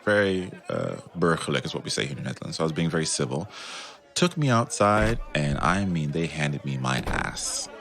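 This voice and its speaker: A man's voice: a bass voice, brisk. A man on a podcast, telling a casual story and acting out the voices of the people in it. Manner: animated, acts out quoted voices. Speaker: podcast guest. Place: Netherlands.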